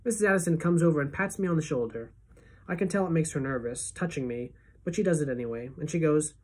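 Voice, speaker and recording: A woman teacher reading a novel aloud to her class as a first-person narrator, steady and expressive. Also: low voice, fast talker, slightly rough.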